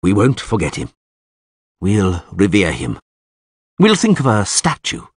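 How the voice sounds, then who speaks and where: A man's voice: lowish voice, wildly swooping pitch, measured pace, breathy edge, no echo, studio quality, exaggerated voice. A man doing a ceremonious pompous mayor. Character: pompous middle-aged male mayor.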